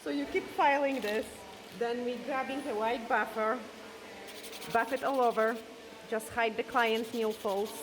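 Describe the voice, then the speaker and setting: Female nail technician, Polish native, casual step-by-step tutorial talk, strained voice, clear background noise. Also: a little high, steady tone, a little slow. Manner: chatty, explains steps as she works. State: losing her voice. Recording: background noise from a hair dryer.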